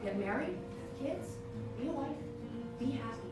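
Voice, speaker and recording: A middle-aged woman doing a solo stand-up show, animated, breaking into song and mock voices. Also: high voice, moderate pace. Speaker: stand-up comedian. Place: theater stage. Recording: distant, echoey stage recording with music.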